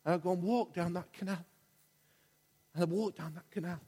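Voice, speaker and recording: A man's voice: sits high, steady tone, brisk, dark tone, husky. A man preaching a sermon in a church, impassioned and repetitive in his delivery. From England. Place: large church hall. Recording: long church hall reverb.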